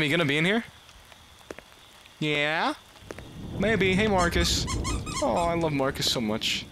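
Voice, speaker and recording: A man giving casual let's play commentary, chatting to game characters and yelping and shouting when something startles him. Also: a little high, slight background noise. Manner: excitable, yelps and shouts at scares. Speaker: gaming video creator.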